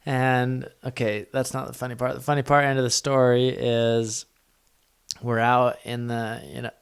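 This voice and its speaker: A man's voice: medium pitch, little pitch movement, normal speed, creaky, smooth. A young man telling a personal story in a vlog, earnest and rambling, with many restarts. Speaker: vlogger.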